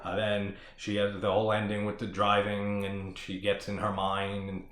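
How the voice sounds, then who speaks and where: A man's voice: fairly low pitch, monotone, normal speed, a bit bright, echoey room. A man hosting a casual horror movie discussion, rambling and swearing as he talks through scenes. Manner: profane, rambling, enthusiastic. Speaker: horror movie podcast host.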